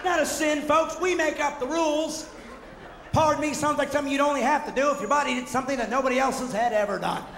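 High-voiced man doing stand-up in a hall. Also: fast, hardly any pauses. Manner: energetic, mocking, acts out quoted voices. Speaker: stand-up comedian. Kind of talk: stand-up comedy. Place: theater stage before a live audience. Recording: roomy hall with audible audience noise.

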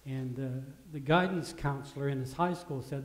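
A man's voice: medium pitch, normal speed. Earnest male pastor in an echoey church. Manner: earnest preaching with dramatic rises and hushed drops. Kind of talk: sermon. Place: church sanctuary.

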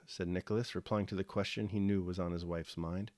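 Low-voiced man reading a classic novel. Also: no room sound. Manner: calm, measured reading. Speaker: audiobook reader. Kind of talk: scripted literary narration.

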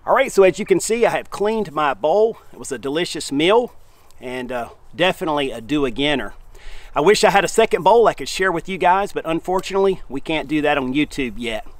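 A man's voice: fairly high pitch, brisk, no room sound. Folksy man cooking at camp. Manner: relaxed, folksy, talks while eating. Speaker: host of a camp cooking show. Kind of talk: outdoor cooking vlog, talking to camera. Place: outdoors in the woods at a camp.

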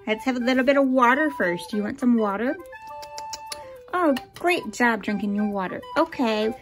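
A woman's voice: a little high, normal speed, over music, lightly acted. A woman voicing a cheerful cartoon mother dog who babysits and chats to the viewers, in a bubbly, sing-song pretend-play manner. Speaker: toy play host.

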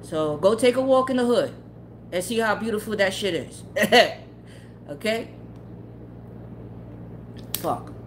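A woman's voice: medium pitch, lively intonation, slow, long pauses, slight background noise. A woman who streams tarot readings, ranting bluntly and with lots of profanity in casual talk to her live chat. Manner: blunt, profane, heated, often laughing. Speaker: tarot livestreamer.

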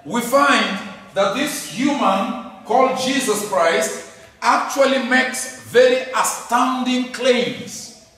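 A man's voice: very high-pitched, slow, bright, forceful tone. A man teaching a lesson on scripture, speaking emphatically, repeating key phrases and asking rhetorical questions. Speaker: Bible teacher. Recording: echoey hall from far off.

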